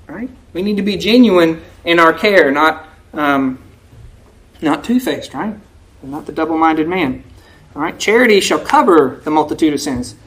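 In a folksy, conversational sermon, a preacher with a medium-pitched, slightly bright voice often asks the congregation "right?" to keep them engaged. He acts out quoted prayers and remarks, raising his voice to do so.

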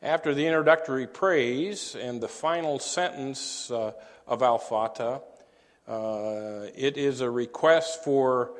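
Slow, halting male preacher in a hall. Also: medium pitch. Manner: halting, many fillers and restarts. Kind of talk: sermon-style teaching.

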